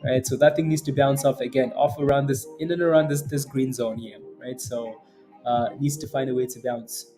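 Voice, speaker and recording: A man's voice: mid-range voice, steady tone, brisk, over music. A man hosting a live day trading stream, chatting casually about charts, often laughing and answering chat with lots of fillers and "right?". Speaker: day trading livestream host. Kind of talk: casual live market commentary.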